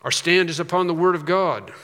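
A man's voice: on the high side, a little fast, a bit bright. A man preaching a sermon as pastor, emphatic, repeating phrases and rising on key points. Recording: reverberant hall.

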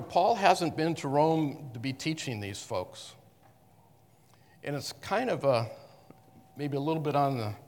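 A man of mid pitch explains Scripture to a congregation in a loose, conversational style. He stops to correct himself and restarts his phrases often. His voice rings with the long reverb of a hall. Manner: halting, with frequent restarts and self-corrections. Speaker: Bible teacher. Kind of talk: conversational Bible teaching to a congregation.

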